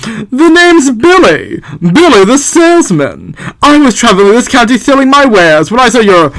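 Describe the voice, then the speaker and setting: A man voicing a pushy male traveling salesman in a video game, delivering a hammy sales pitch. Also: big pitch swings, unhurried, fairly bright tone, dry recording, heavily acted, low-quality recording. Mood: boastful.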